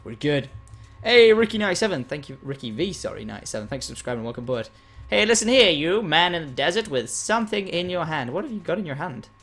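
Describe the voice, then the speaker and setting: A man giving excitable live gameplay commentary as a game streamer, chatting with and thanking his viewers. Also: fairly high pitch, fast talker, hardly any pauses, husky, soft background music.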